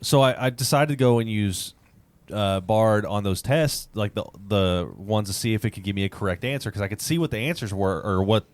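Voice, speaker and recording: A man's voice: on the low side, fairly quick, no room sound. A man co-hosting a casual podcast chat, reading out news stories with stumbles and restarts. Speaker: podcast co-host.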